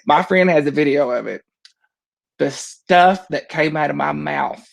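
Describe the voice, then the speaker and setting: Storyteller man, gravelly and a bit high, animated, laughs a lot. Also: a little slow. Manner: animated storyteller, laughs often, acts out voices. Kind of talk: casual storytelling chat.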